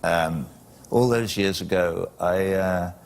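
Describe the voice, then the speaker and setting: Older male musician guest, very low and gravelly, measured and dryly funny. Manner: measured, thoughtful, dryly humorous. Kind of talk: talk show interview. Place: television studio.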